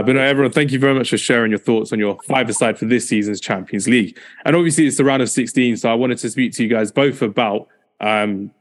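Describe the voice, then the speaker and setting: A man hosting a casual football chat, rambling and often repeating himself. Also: mid-range voice. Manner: fast, rambling, repeats "as well". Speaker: podcast host.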